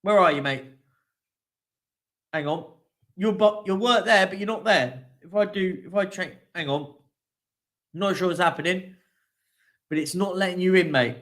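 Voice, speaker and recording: Casual male streamer, high-pitched, loose and chatty, reads lists and greets viewers. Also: moderate pace, pauses often. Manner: chatty, reads out team lists and shout-outs. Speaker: streaming show host. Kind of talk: casual live-stream chat.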